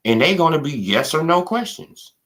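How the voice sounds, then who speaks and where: A young man ranting in a casual live stream, trash-talking with lots of repetition and bursts of loud laughter. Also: fairly high pitch, big pitch swings, normal speed. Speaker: boxing commentary streamer.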